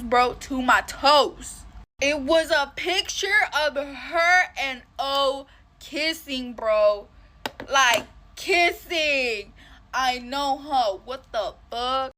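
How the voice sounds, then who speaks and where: A woman's voice: high voice, bright, forceful tone, a little hiss or hum. A woman telling a dramatic storytime while getting ready, full of slang and swearing.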